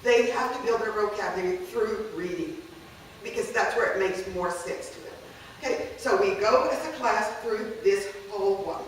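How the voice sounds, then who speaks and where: A woman's voice: medium pitch, normal speed. Woman teacher, workshop talk, chatty and explanatory, distant mic, roomy echo, faint background hum. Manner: conversational, checks in with "okay?". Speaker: language teacher presenting a workshop. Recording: echoey room, voice from a distance.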